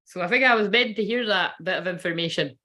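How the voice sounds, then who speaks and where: A woman's voice: lowish voice, fast talker, sharp tone. A woman telling a personal story in a casual, rambling way, swearing freely and laughing often. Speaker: spiritual reader.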